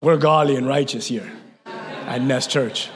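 A male pastor preaching a sermon, fervent, building to shouts and then easing down with self-mocking asides. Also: medium pitch, measured pace, faint music behind. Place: church hall. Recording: long reverb of a large hall.

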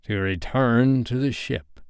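A man doing a slow, gloating pirate captain. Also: on the low side, smooth, no room sound, clean studio sound. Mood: scheming. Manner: slow gloating through the teeth.

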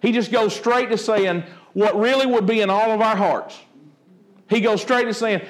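High-voiced preacher. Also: male voice, moderate pace. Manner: animated, acts out the dialogue of the story. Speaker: pastor. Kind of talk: sermon.

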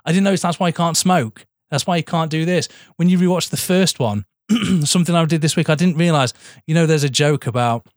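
A man in casual podcast chat, eager and a bit sweary, calling his co-host mate. His voice sits slightly high for a man. The sound is dry and close. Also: brisk, few pauses, dry recording. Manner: enthusiastic, swears, keeps saying "mate".

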